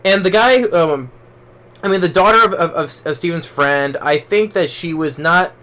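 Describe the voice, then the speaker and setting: A man's voice: a little high, normal speed, pushed and bright. A man giving a casual spoken movie review, rambling along with many restarts and fillers.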